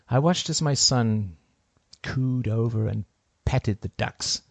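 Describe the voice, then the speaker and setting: A man narrating a first-person story in a cold, deliberate, sardonic manner. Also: medium pitch, gravelly, slightly rough, dry recording.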